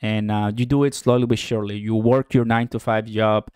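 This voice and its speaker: A man's voice: lowish voice, steady tone, a little fast, darkish tone, clear, resonant tone, dry recording, studio quality. A young man from Puerto Rico with a Puerto Rican Spanish accent, hosting a casual livestream and upbeat as he reads out viewer comments. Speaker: livestream host.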